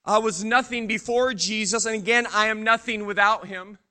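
A man playing a remorseful male disciple, telling his denial in a dramatic first-person monologue with hushed, broken pauses. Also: high voice, steady tone.

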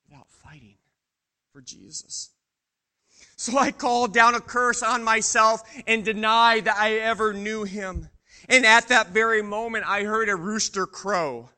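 A man playing a remorseful male disciple, telling his denial in a dramatic first-person monologue with hushed, broken pauses. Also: high-pitched, exaggerated voice.

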